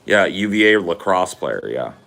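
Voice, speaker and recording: A man's voice: deep voice, sing-song, moderate pace, vocal fry, fairly bright tone. A man hosting a casual solo podcast outdoors, talking bluntly and sardonically with plenty of swearing. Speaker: podcast host. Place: outdoors, smoking before going in.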